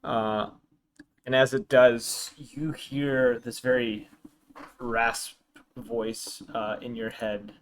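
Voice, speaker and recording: A man's voice: medium pitch, flat delivery, very slow. A man narrating as dungeon master in a tabletop game, hesitant and full of ums and uhs.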